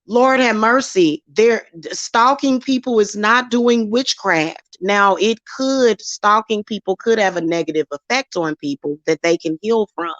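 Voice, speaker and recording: A woman's voice: mid-range voice, no room sound. Woman, blunt and emphatic, casual chat, dry close sound, slightly muffled. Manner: blunt, emphatic, slips into acted quotes. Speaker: spiritual reader and channel host.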